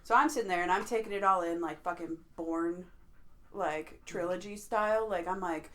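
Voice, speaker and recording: Chicago woman, lowish voice, rowdy animated storyteller, faint noise. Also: normal speed. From American Midwest. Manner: animated, profane, laughing storyteller. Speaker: podcast co-host. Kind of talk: casual storytelling chat.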